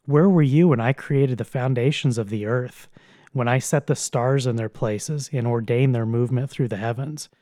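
A man's voice: medium pitch, moderate pace, warm tone, dry recording, studio quality, close to an everyday voice. A man doing God, a stern rebuking deity. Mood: indignant. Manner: indignant, demanding rhetorical questions.

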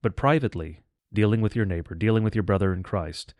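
A man with a low voice hosts a religious podcast, talking through doctrine in a plain, blunt, explanatory manner. The sound is dry and close, with no room echo. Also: quick pace, darkish tone. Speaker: podcast host. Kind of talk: spoken commentary on scripture.

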